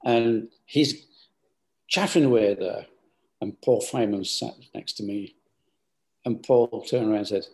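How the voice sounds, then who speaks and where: An older man telling stories from his business life in an interview. His voice is gravelly and worn at the edges. He rambles, stops and restarts his sentences as he feels his way back through the past. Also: on the low side, a little slow, pauses often, a little mellow. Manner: rambling, hesitant, many restarts. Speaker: business founder. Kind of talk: storytelling interview answers.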